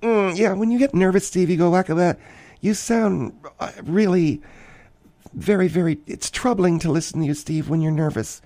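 A flamboyant woman podcast host, played by a man, gushes about herself in a high, soft-edged voice. She rambles theatrically in a dry, close recording. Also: moderate pace, no echo. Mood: gushing. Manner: theatrical, rambling, gushing, self-important. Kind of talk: comic character monologue.

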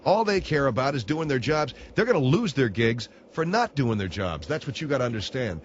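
Brisk, lively male radio host. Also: mid-range voice, highs cut off, slight background noise. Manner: brisk, blunt. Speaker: radio talk show host. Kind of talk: talk radio hosting.

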